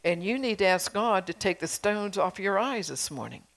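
A woman's voice: medium pitch, expressive, moderate pace. A middle-aged woman preacher delivering a sermon, earnestly exhorting her congregation with rhetorical questions.

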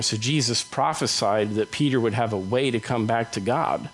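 A man's voice: mid-range voice, husky, soft background music, poor audio. Male preacher, casual conversational sermon, mid-range voice. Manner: conversational, acts out Bible dialogue in quick voices.

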